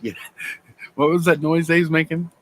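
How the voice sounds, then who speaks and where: A man's voice: on the high side, flat delivery, normal speed, no room sound. A man chatting casually, telling a story in a plain-spoken, laid-back way. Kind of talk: casual chat.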